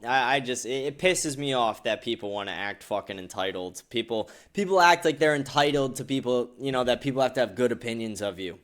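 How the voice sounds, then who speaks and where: A man's voice: medium pitch, expressive, a little fast, few pauses. A man hosting a political podcast, ranting angrily with heavy profanity and repeated outbursts. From United States. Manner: profane, repetitive, shouting bursts. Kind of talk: angry ranting commentary.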